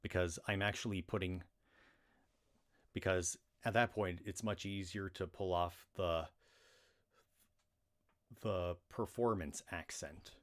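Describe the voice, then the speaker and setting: A man's voice: low voice, steady tone, slow, pauses often, fairly bright tone. An American man chatting casually on his livestream, rambling with many restarts and fillers. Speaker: livestream reader.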